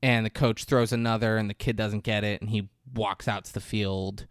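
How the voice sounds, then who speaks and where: Animated man recapping a movie. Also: fairly low pitch, moderate pace, clean tone, no echo, studio quality. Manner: animated retelling with acted-out quotes. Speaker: podcast co-host. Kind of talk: casual movie recap chat.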